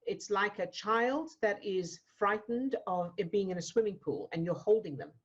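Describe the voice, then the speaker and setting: A woman coach guiding a client in a one-to-one session, gentle and reassuring, asking questions. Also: medium pitch, expressive, normal speed, husky, dull audio. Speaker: emotional fitness coach.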